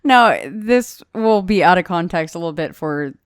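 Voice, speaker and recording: A woman hosting a podcast, chatting casually and playfully with quick asides. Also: lowish voice, expressive, clear, resonant tone, dry recording, clean studio sound. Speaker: podcast host. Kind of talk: casual chat.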